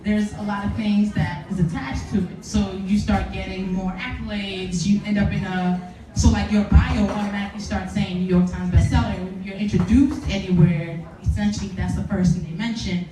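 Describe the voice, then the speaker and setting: A woman guest author telling stories in animated fashion on a live podcast, acting out quotes with laughter. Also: medium pitch, normal speed. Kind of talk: live podcast interview storytelling. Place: live podcast event before an audience. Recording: roomy venue, distant mic, music behind.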